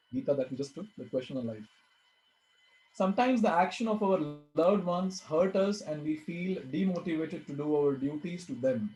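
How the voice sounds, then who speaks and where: High-voiced Indian man teaching devotion. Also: dark tone, reverberant, poor audio. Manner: earnest, repeats key phrases, poses rhetorical questions. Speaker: spiritual teacher answering questions. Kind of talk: devotional Q&A talk.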